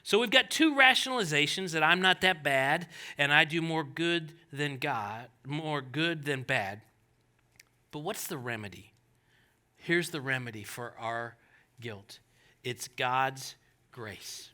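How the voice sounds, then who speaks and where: A male pastor preaching a sermon in an animated, conversational way with jokey asides. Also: on the high side, slow.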